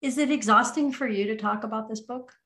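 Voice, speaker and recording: A woman's voice: fairly high pitch, a little fast, pushed and bright. A woman interviewer asking questions and affirming her guest, laughing easily. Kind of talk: conversational interview.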